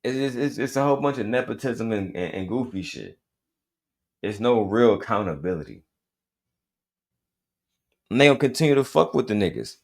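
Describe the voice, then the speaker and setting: A man with a fairly low voice delivers reaction commentary as a show host. He talks bluntly, swears freely and uses street slang, repeating his points for emphasis. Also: animated, normal speed, vocal fry, pauses often.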